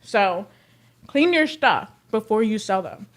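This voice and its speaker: A woman who sells clothes online is livestreaming, chatting casually and in friendly slang with viewers as she works, and laughing often. Her voice is medium in pitch and animated, and she talks slowly.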